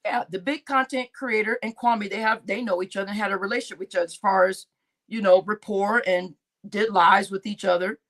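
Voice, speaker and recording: A woman's voice: medium pitch, fairly even intonation, a little fast, a bit bright. A woman hosting a livestream, ranting angrily and with lots of profanity, repeating herself. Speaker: livestream host. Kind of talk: heated livestream rant.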